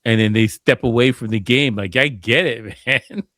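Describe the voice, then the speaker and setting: Laughing man in relaxed chat. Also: mid-range voice, normal speed, no room sound, studio quality. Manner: laughs often, acts out his own past thoughts in quotes. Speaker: DJ and producer. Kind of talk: casual podcast chat.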